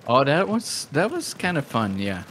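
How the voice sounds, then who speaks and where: A man's voice: medium pitch, huge pitch swings, normal speed, fairly bright tone, slight background noise. A man hosting a live stream, chatting casually in a rambling, self-deprecating way and laughing often. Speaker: livestream host.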